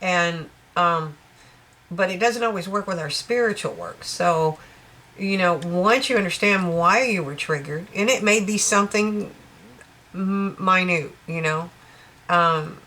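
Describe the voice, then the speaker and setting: In an unhurried, fairly low voice that sounds pushed and bright, a woman tarot reader rambles through a casual reading. She keeps checking in with the listener and laughs often, over slight background noise.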